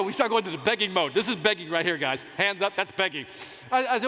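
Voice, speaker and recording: A keynote speaker, a man with a high voice, delivers a motivational speech on stage in a large conference hall. He talks fast and tells animated stories, breaking into loud outbursts and playing to the crowd. The recording carries long hall reverb and faint noise.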